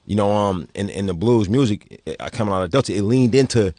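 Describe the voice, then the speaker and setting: A man's voice: on the low side, fairly quick, mellow. A man with a thick Oakland accent, talking casually as a guest and stumbling over repeated words, often saying "you know what I mean.". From Oakland, California. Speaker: guest speaker. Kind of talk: clip of a casual panel talk.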